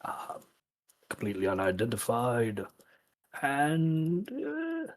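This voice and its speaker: Hesitant, husky-voiced male player. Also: mid-range voice, animated, normal speed. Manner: hesitant, full of "like". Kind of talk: casual tabletop play.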